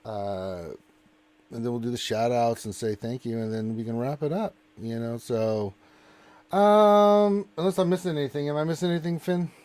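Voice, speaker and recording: A man's voice: mid-range voice, normal speed, darkish tone. A man hosting a casual gaming live stream, talking while he plays and groaning at the game. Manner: distracted, exclaiming while playing a game.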